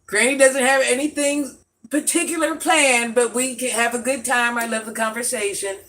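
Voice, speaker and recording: A woman's voice: a little high, fairly even intonation, normal speed, fairly bright tone. A woman in her forties hosting a live stream, affectionately repeating herself and calling herself Granny as she chats with viewers. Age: 40s. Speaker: livestream host.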